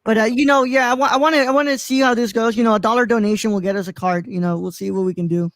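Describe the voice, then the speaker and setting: A man's voice: high-pitched, fairly even intonation, rapid-fire, a bit bright, no room sound. A man co-hosting a live stream, chatting casually and rambling with lots of fillers. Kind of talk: casual chat.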